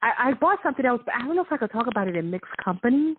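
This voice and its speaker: A woman's voice: a little high, sing-song, racing, noisy background. A woman co-hosting a casual talk show, rambling and giggling as she shares her week. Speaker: co-host. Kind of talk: casual chat. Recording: tinny phone-line sound.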